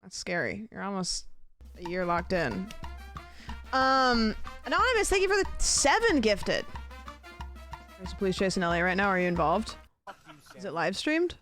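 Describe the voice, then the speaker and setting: A woman's voice: mid-range voice, very animated, moderate pace, pauses often, a bit bright, soft background music. A young adult woman livestreaming from her desk, rambling chattily and thanking donors between stories. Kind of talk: casual stream chat.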